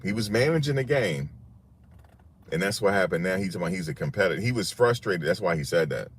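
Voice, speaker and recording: A man with a very low voice riffs through a casual sports reaction, slangy and emphatic. He keeps circling back to repeat his points, and a faint hiss of noise sits under his voice. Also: sing-song, brisk. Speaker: sports commentary channel host.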